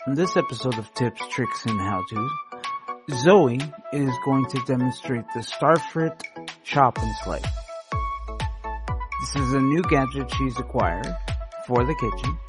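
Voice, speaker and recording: A man reading a scripted show introduction in a measured, informational delivery. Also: mid-range voice, expressive. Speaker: announcer introducing the host. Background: background music.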